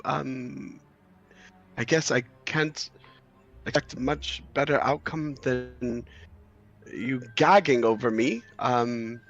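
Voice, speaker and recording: A man playing in a tabletop game, speaking in an earnest and animated way. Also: mid-range voice, slow, pauses often, muffled recording, faint music behind. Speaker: player. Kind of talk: role-playing game chat.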